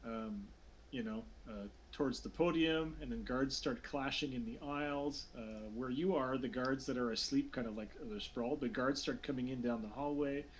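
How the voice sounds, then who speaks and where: A man's voice: mid-range voice, normal speed, a little hiss or hum. Game master, male, casual rambling narration full of restarts, mid-range voice. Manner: rambling, hesitant, lots of fillers and restarts.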